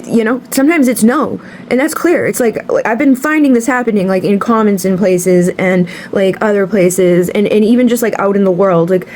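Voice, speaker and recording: A woman's voice: mid-range voice, moderate pace, few pauses, darkish tone, a little hiss or hum. A woman giving a tarot card reading to camera, talking bluntly and passionately and swearing freely. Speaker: tarot reader.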